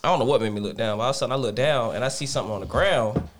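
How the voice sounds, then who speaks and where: A young man co-hosting a podcast, telling a story in a casual, animated way and laughing often. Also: mid-range voice, very fast, a little hiss or hum. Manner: animated, laughing storyteller, loud when acting out quotes. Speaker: podcast co-host.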